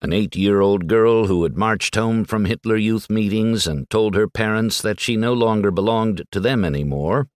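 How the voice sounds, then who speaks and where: In a lowish voice, a male audiobook narrator delivers a scripted reading with measured, dramatic storytelling. The studio sound is clean, with no room sound.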